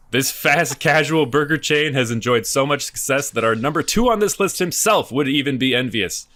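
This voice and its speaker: A man's voice: medium pitch, lively intonation, normal speed, fairly bright tone, no echo. A man co-hosting a comedy podcast, reading a top-five list with mock enthusiasm and laughing. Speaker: podcast co-host.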